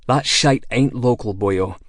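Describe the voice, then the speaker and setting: A man voicing a gruff, foul-mouthed male dwarf crime boss with a put-on Scottish brogue, slow and mocking. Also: mid-range voice, no room sound, studio quality, lightly acted. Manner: profane, menacing, jovial.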